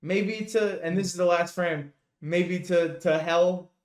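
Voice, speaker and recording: Guy rambling through a recap, swears a lot, lotta ums, kinda high voice, echoey room. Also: takes it slowly. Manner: rambling and profane, many fillers. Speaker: podcast co-host. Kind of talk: casual recap chat.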